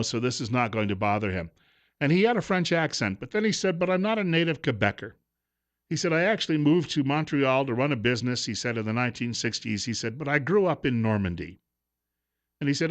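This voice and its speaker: Middle-aged man, talk radio host, combative and sarcastic solo monologue. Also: mid-range voice. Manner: sarcastic, combative, reads quotes aloud.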